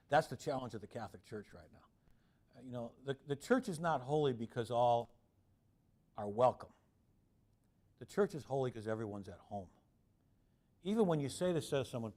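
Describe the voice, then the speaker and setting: A middle-aged man giving a public lecture, telling lively anecdotes and acting out the people he quotes. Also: medium pitch.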